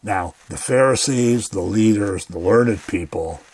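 Low husky man teaching scripture. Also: measured pace, darkish tone, dry recording. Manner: conversational, earnest, frequent "you know". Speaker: Bible teacher on a radio program. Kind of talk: radio Bible teaching.

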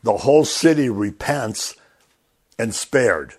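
A man's voice: mid-range voice, expressive, takes it slowly, darkish tone. A man leading a casual Bible study, talking loosely and acting out quoted lines in a raised voice, with frequent chuckles.

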